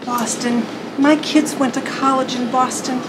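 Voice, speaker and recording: A woman's voice: high voice, fairly even intonation, unhurried, noisy background. An actress playing a tactless, chatty older woman customer in a convenience store comedy. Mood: nosy. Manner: nosy and pushy. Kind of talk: sitcom acting.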